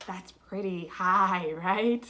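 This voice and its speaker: A young woman teacher giving a slow, patient music lesson to children, asking them simple questions. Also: on the low side, very noisy.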